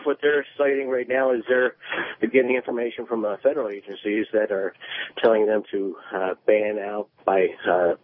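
A man calling a radio show on speakerphone, speaking haltingly with many fillers. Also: fairly low pitch, fairly even intonation, dry recording. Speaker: caller. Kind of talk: call-in announcement. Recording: tinny speakerphone line.

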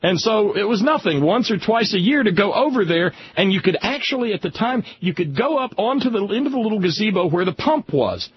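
A man from Alabama co-hosting a political talk radio show, ranting with passion in a raspy voice. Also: high voice, big pitch swings, brisk, few pauses. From Alabama, USA. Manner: impassioned, emphatic ranting. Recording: lo-fi radio broadcast.

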